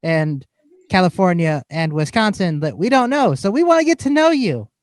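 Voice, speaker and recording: A man's voice: high voice, very animated, moderate pace, no echo, studio quality. A man co-hosting a podcast, playful and jokey in casual chat. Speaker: podcast co-host.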